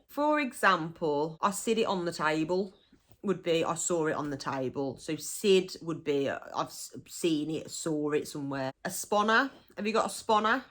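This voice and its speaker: A woman's voice: lowish voice, a bit bright. A young woman with a Black Country accent, chatting casually and giggling as she explains her local dialect. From Black Country, England. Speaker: vlogger.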